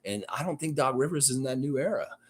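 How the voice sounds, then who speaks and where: A Southern-accented man from the United States and Canada streams live, reading chat comments aloud and ranting bluntly, heatedly and profanely. His mid-range voice is quick, lively in intonation and a little breathy.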